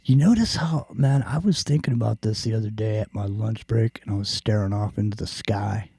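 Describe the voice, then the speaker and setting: A man's voice: lowish voice, fairly quick, dark tone, husky, no echo. A man hosting a podcast in casual chat, rambling and joking with plenty of swearing. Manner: rambling, profane, jokey. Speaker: podcast host.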